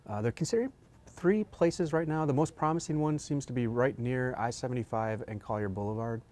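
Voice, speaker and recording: A man's voice: mid-range voice, fairly quick, a little mellow. Man giving a loose, informal news update. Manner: unscripted, with fillers and restarts. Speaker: news reporter.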